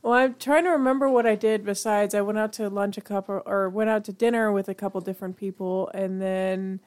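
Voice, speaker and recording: A woman's voice: mid-range voice, steady tone, a little fast, darkish tone, no room sound. Chatty woman podcast co-host. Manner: rambling, chatty, laughs easily. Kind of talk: casual chat.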